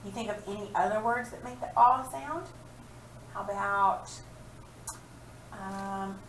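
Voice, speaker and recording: A woman's voice: medium pitch, recorded from a distance, a little hiss or hum. A woman teaching children a reading and phonics lesson, patiently drawing out words and sounds. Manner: slow, patient, stretched-out sounds for young learners. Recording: echoey room, voice from off-mic.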